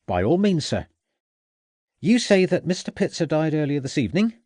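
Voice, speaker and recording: Eager, polite Victorian constable; man reading, pitch raised. Dry audiobook sound. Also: big pitch swings, normal speed, darkish tone, dry recording. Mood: deferential.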